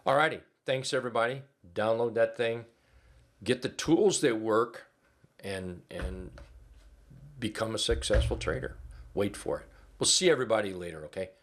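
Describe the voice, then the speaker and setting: A man's voice: on the low side, normal speed. A man presenting a live trading webinar, talking casually with fillers and repeating key phrases for emphasis.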